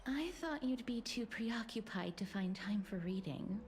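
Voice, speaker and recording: An actress voicing a soft-spoken, gently teasing young woman student in a game. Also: mid-range voice, expressive, a little slow, breathy edge. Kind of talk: game voice acting.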